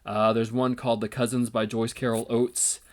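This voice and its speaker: A man, a teacher, talking casually in an instructional video, relaxed and rambling with many ums and uhs. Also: medium pitch, normal speed.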